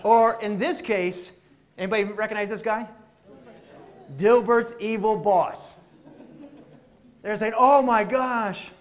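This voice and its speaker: On stage before a live audience, a man with a high voice delivers an interactive motivational keynote that's animated and jokey, tossing questions to the crowd. He takes it slowly with frequent pauses, and the highs are cut off in the audio.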